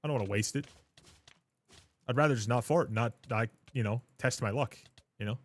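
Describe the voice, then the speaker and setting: A male streamer talks loosely to his chat while he plays, at a medium pitch. His delivery is rambling and crude, and he restarts his sentences and leans on filler words as he jokes around. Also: normal speed. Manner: rambling, profane, joking with chat. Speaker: gaming livestreamer. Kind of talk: casual livestream chat while gaming.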